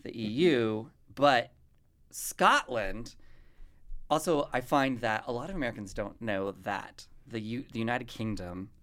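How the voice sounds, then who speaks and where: This US West Coast podcast host speaks in an extremely low, slightly bright voice without hurrying. Her casual chat rambles, and she frequently cuts herself off mid-thought.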